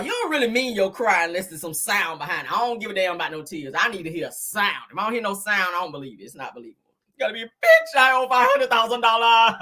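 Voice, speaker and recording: A sassy woman hosts a celebrity gossip live stream, chatting casually and calling her viewers honey and child. Her voice sits on the low side, swings widely in pitch, and has a bright, forceful edge. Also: slightly rough. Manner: sassy and expressive, calls viewers honey and child, often laughs.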